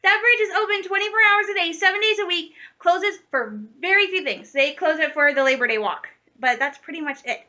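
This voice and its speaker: A woman's voice: extremely high pitch, brisk, hardly any pauses, bright, forceful tone. A woman, vlogging in a rambling, chatty way, laughing often and correcting herself mid-sentence. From Michigan, USA. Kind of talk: casual vlog chat.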